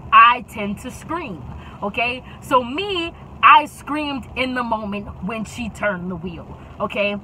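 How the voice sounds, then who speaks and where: A woman's voice: a little high, bright, forceful tone, slight background noise, rough recording. A young woman tells a casual, dramatic storytime and keeps adding "okay?" to drive her points home. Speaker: YouTube storyteller.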